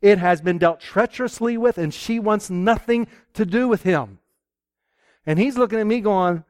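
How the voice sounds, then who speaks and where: Male preacher from Pennsylvania, folksy and lively, engages the congregation with questions; high voice. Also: normal speed, no room sound, clean studio sound. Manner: folksy, animated, asks the audience questions. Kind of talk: sermon.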